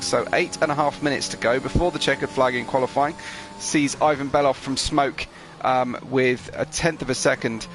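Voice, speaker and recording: A man's voice: medium pitch, a bit bright. Chatty male sim racing commentator. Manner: chatty, reads chat messages aloud, frequent fillers. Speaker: race commentator.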